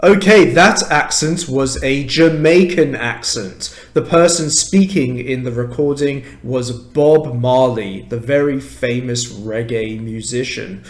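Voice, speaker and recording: A man from England with a standard southern British accent, explaining clearly and slowly in an English lesson. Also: mid-range voice. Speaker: English teacher. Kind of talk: language lesson to camera.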